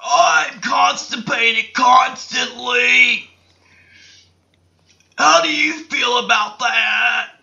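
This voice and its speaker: A woman voicing a crude, constipated male bachelor who shouts and sobs his questions. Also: a little high, extremely slow, vocal fry, long pauses, distant mic, muffled recording, exaggerated voice. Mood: bellowing. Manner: shouting, sobbing delivery.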